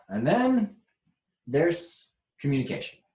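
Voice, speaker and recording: A man's voice: on the high side, sing-song, slow, darkish tone, echoey room. An American man leading a spiritual workshop talk, reflective and chuckling often as he teaches.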